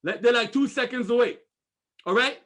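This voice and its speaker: An energetic male sales trainer drives home his points with repetition and rhetorical questions. His voice sits very high and sounds bright and forceful. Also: normal speed. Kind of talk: motivational training talk.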